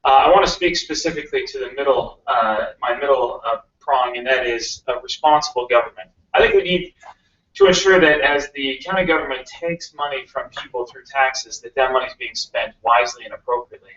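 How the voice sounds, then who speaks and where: A man in his thirties giving an earnest, halting campaign speech to a meeting room, stumbling on uhs as he goes. He sounds far from the mic, with a roomy echo and a dull, lo-fi tone. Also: mid-range voice, fairly bright tone. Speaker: county council candidate.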